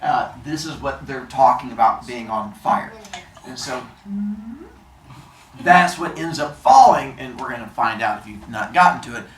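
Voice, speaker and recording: A male teacher reading a novel aloud to his class, then discussing it in an animated, jokey way and acting out the scenes. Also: medium pitch, moderate pace, reverberant, rough recording.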